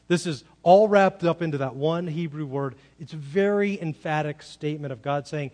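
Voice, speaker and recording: A man's voice: a little high, moderate pace, few pauses, darkish tone. A man preaching a sermon in a conversational way, asking rhetorical questions and acting out quoted lines. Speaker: pastor.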